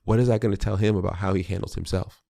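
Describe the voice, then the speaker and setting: This solo podcast monologue comes from a man with a deep, creaky, dark-toned voice who speaks quickly with fairly even intonation. The studio-quality recording has no echo. Host and father of a small child, he's reflective, candid and slangy, frequently starting sentences over.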